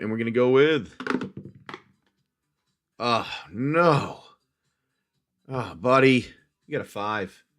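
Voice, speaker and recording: Low-voiced man running a dice game. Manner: chatty, addresses the player as "my friend"; talks through dice rolls, reacts loudly to hits. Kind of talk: casual livestream game narration.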